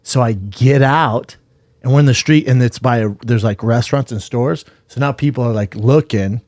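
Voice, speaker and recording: A man's voice: mid-range voice, moderate pace, darkish tone, no room sound, clean studio sound. A man co-hosting a podcast, telling a rambling, profane story in casual chat and acting out what people said. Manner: rambling anecdote, swears, acts out quotes. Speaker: podcast co-host.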